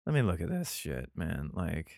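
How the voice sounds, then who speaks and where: A man's voice: sits low, sing-song, normal speed, gravelly, darkish tone, no room sound, clean studio sound. A man hosting a casual podcast who reads aloud and comments in profane, rambling, exasperated asides. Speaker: podcast host. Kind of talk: casual Bible reading podcast.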